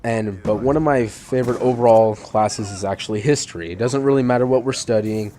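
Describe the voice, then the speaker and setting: A man's voice: mid-range voice, a little fast, dark tone. A teenage boy giving casual gameplay commentary, rambling through fillers and restarts with an irritated edge. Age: teens. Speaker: channel host.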